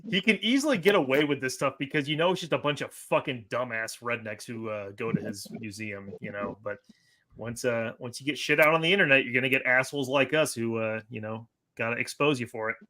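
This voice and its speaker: A man's voice: mid-range voice, a little fast, bright, forceful tone. A man co-hosting a casual stream, bantering in a mocking, laughing way. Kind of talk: casual chat.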